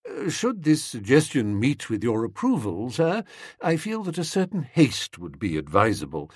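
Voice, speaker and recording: A man voicing a formal, measured manservant who speaks with precise deference in an audiobook. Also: mid-range voice, wildly swooping pitch, slightly rough, dry recording, clean studio sound. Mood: composed. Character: formal, unflappable male valet. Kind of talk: audiobook character voice.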